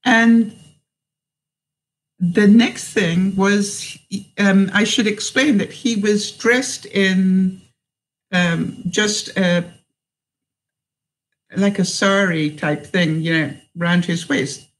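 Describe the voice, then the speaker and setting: A woman vlogger tells a personal story at a slow, unhurried pace. Her voice sits mid-range, and she hesitates often, with fillers and restarts. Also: mid-range voice, poor audio.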